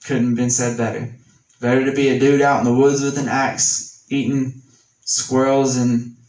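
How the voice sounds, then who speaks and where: Southern man, Sunday school teacher, folksy and plain-spoken; even delivery, reverberant church room. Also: medium pitch, vocal fry, distant mic. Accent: Southern American. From Tennessee. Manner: casual, folksy explaining with homespun examples; reads scripture slowly and deliberately. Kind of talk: Bible teaching. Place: church classroom.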